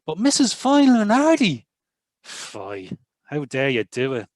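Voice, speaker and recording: Irish man, Northside Dublin accent, dry close sound, lively rhythmic reading of verse. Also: fairly high pitch, takes it slowly, dry recording. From Ireland. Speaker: university lecturer. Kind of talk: poetry reading. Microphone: video call.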